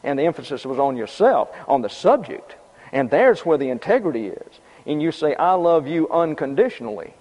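A man's voice: mid-range voice, big pitch swings, moderate pace, a little mellow. A man preaching a sermon in a conversational way, repeating his points and adding casual asides. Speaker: pastor. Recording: dull lo-fi sound with long reverb.

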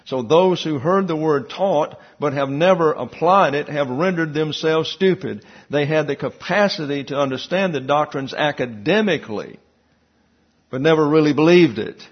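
Husky man preaching a sermon. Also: on the high side, highs cut off. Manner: teaching with asides and rhetorical questions. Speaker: pastor.

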